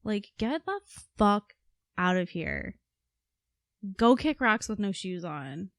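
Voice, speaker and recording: A woman in casual true-crime chat who speaks bluntly and swears freely. Her voice is mid-pitched and recorded dry and close. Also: sing-song, takes it slowly, no echo. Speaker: podcast co-host.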